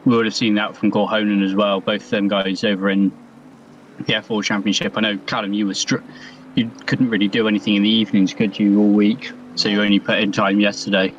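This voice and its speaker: Low-voiced chatty male commentator. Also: level tone, a little fast, distant mic, muffled recording, a little hiss or hum. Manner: chatty, self-deprecating. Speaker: race commentator. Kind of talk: live sim racing commentary.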